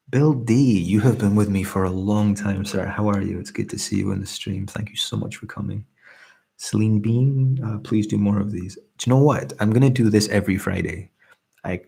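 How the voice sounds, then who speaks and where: A man with a softened Scottish accent speaks in a very low, heavily gravelly voice with a husky edge. He hosts a soft-spoken ASMR live stream, reading out viewers' comments between pauses. His manner is earnest and grateful. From Scotland.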